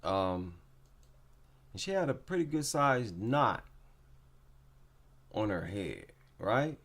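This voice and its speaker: A man's voice: on the low side, big pitch swings, slow, fairly bright tone. A man giving a casual, opinionated breakdown of MMA fights, repeating his points for emphasis. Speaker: MMA commentator.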